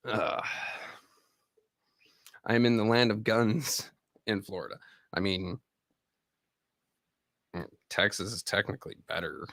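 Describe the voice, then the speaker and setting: A gravelly, lowish male voice with a fairly bright tone moves slowly and pauses often, captured in clean studio sound without room noise. The army veteran in his thirties hosts a live stream, rambling and cursing as he talks casually to his viewers.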